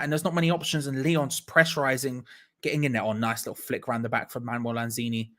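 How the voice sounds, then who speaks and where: A young man giving excitable live fan commentary on a football match, laughing often as he reads out viewers' messages. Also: fairly high pitch. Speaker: watch-along host.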